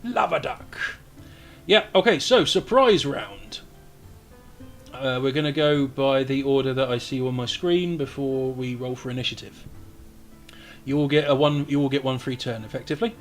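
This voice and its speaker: A man's voice: medium pitch, soft background music. Man running a tabletop game. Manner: halting, many fillers. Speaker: game master. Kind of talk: narrating a tabletop game on a live stream.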